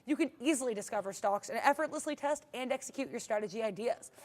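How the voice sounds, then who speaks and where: A woman with a somewhat high voice chats through her live trades in an upbeat, loose way. She restarts sentences often and fills gaps with "um" and "like." The tone is friendly, casual stream talk. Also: expressive, quick pace, darkish tone. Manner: upbeat, rambling, many fillers and restarts. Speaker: day-trading stream co-host. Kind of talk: live trading commentary.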